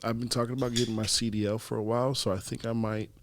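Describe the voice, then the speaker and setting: A man's voice: mid-range voice, flat delivery, fast, slight background noise. A young man, hosting his own podcast and rambling through stories in a loose, profane, offhand way. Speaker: podcast host. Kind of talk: casual solo podcast chat.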